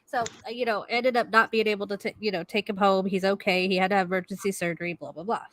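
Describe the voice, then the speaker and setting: A woman's voice: medium pitch, quick pace. A middle-aged woman co-hosting a live stream chat from home, telling a rambling story full of swearing and laughs. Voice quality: animated, swears a lot, laughs often. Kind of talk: casual profane storytelling.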